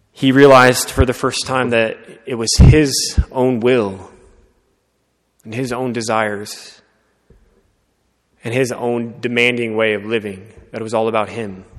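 A man with a medium-pitched voice preaches a sermon, telling a story earnestly and conversationally, often dropping to a soft voice. The recording carries the long reverb of a large hall.

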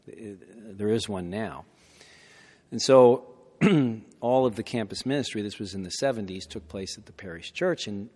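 A man in his sixties telling a folksy personal story, often clearing his throat. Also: lowish voice. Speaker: speaker telling a conversion story. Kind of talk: anecdotal storytelling talk. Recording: long hall reverb.

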